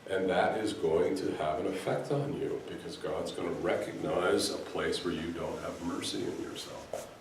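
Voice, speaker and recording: A man's voice: low voice, normal speed, background noise. A man giving an earnest spiritual talk to a gathering as a Sufi teacher, telling stories with many restarts. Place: hall in front of an audience. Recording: echoey room, voice from a distance.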